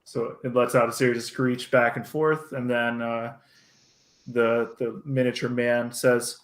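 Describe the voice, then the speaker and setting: Male game master, halting improvised narration, room echo on the mic. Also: mid-range voice, little pitch movement. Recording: roomy echoing mic.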